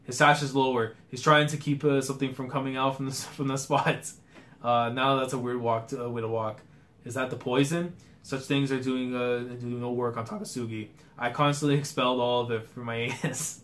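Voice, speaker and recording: A man's voice: mid-range voice, fairly even intonation, fairly quick, fairly bright tone, a little hiss or hum. A young man reading a manga aloud for a live reaction video, breaking off into slangy asides. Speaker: anime and manga reaction youtuber.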